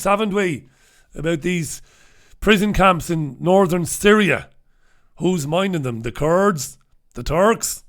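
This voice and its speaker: A man's voice: sits high, fairly bright tone. A middle-aged man, hosting a casual, humorous newspaper review, full of irreverent swearing and chuckling asides.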